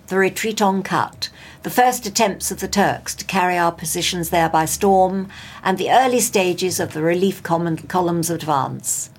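A woman reading a local news bulletin in a steady, measured way. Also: on the low side. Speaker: local radio news presenter.

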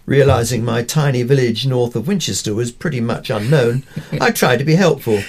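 A man's voice: mid-range voice, normal speed, darkish tone, slightly rough. An older man from Pakistan reading his own opinion column aloud, with wry, dry humour. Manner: wry, dryly humorous storytelling.

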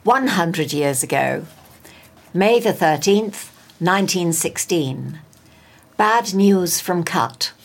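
A woman reading a local news bulletin in a steady, measured way. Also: fairly low pitch. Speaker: local radio news presenter.

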